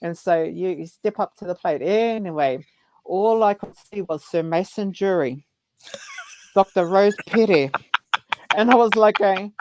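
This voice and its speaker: A man with a New Zealand accent hosting a casual chat, telling stories in an animated way. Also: high voice, measured pace, slight background noise, poor audio. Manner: animated storyteller who acts out elders' voices. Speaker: host.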